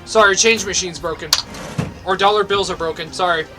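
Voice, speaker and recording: A man's voice: high-pitched, fairly even intonation, brisk, bright, forceful tone, soft background music. A young man giving sweary, mock-angry let's play commentary. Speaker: gaming video host.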